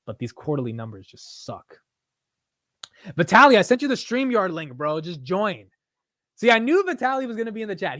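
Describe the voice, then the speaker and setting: A man's voice: fairly high pitch, dry recording, studio quality. A young man hosting a casual late-night livestream, chatting in laid-back slangy banter and laughing often. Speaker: livestream host.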